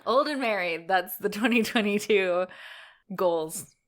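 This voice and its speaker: A woman's voice: medium pitch, unhurried. A woman co-hosting a podcast, teasing and laughing often in casual banter. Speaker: podcast co-host.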